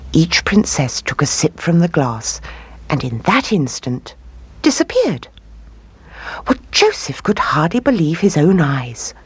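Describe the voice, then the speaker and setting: Woman reading a storybook, low husky voice that swings up and down a lot. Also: dry recording. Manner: expressive, rising on key words.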